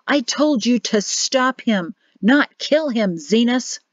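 A woman's voice: on the high side, expressive, takes it slowly, dry recording, lo-fi sound, pitched above the performer's own voice. A woman voicing a young man held captive, speaking tense and breathless.

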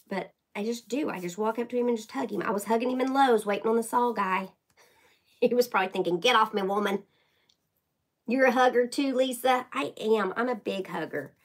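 Husky woman chatting while crafting. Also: medium pitch, low-quality recording. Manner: chatty, greets viewers by name while painting. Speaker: craft livestream host. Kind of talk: casual live craft chat.

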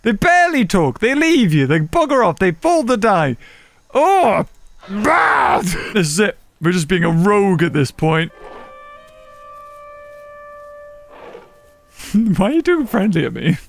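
An excitable man narrating his gameplay in a high voice that jumps all over the place. He laughs often and calls out to the other players as he goes. Faint game music plays underneath. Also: slow pace, gravelly, long pauses. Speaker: gaming channel host. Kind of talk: casual gameplay commentary.

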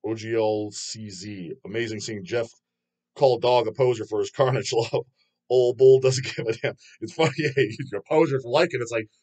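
A man's voice: mid-range voice, moderate pace, darkish tone. A man hosting his own channel, reading viewer comments aloud and answering them in a rambling, profane way, laughing often. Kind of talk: casual chat.

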